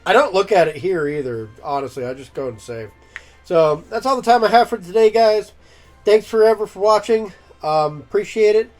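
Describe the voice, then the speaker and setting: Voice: medium pitch, animated, normal speed, soft background music. A game streamer giving casual let's-play commentary, chatty and laughing at their own voices.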